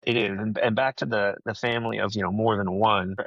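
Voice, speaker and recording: A man who is a podcast guest, explaining things in a measured, casual way. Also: on the low side, fairly even intonation, no echo. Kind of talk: casual chat. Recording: dull lo-fi call audio.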